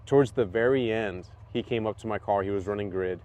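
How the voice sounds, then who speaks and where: A man's voice: on the low side, brisk. A man co-hosting a casual podcast chat, telling stories animatedly and acting out what others said, often laughing. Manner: animated storyteller, acts out quotes, laughs often. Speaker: podcast co-host, driver. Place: outdoors at a race track. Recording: faint outdoor noise at trackside.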